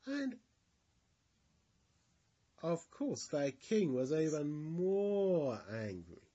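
A man telling a bible story to children in a gentle, expressive way. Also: fairly high pitch, drawn-out words, dull audio.

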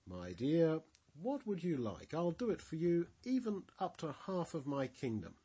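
A man voicing a king who speaks in a slow, stately way. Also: a little high, sing-song, warm tone, husky, dull audio, pitched above the performer's own voice, heavily acted. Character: grand male king, generous then angry.

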